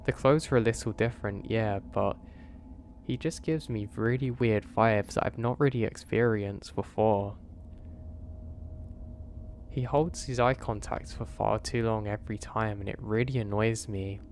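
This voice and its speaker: Low-voiced man telling a horror story. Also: a little mellow, a little hiss or hum. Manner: measured, confessional storytelling. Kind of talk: first-person horror story narration.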